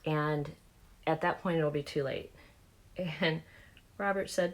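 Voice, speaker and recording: A woman's voice: sits low, measured pace, long pauses. A woman in her forties with a Southern accent, talking candidly and rambling through fillers while doing her makeup. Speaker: beauty vlogger.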